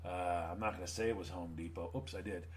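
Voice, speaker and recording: A man's voice: low voice, fast talker. A middle-aged man casually telling a workplace story, acting out the voices of the people in it. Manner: animated, acts out voices in his story. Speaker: guest storyteller.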